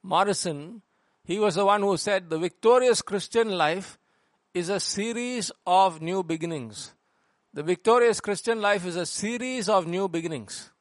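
A man leading a prayer and preaching a sermon, reading scripture slowly and rising in force on the quoted verses. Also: high voice, no echo, clean studio sound. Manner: measured, slows and lifts voice on scripture quotes. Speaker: pastor.

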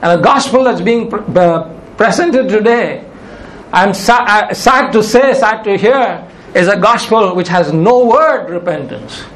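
A man's voice: sits high, expressive, measured pace, fairly bright tone, echoey room, rough recording. A male pastor preaching a sermon, emphatic and repeating his key phrases.

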